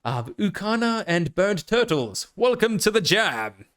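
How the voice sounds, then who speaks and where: A man's voice: high voice, very animated, measured pace, fairly bright tone. An Australian man chatting casually on a live stream, rambling and self-amused with plenty of fillers. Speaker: VTuber streamer.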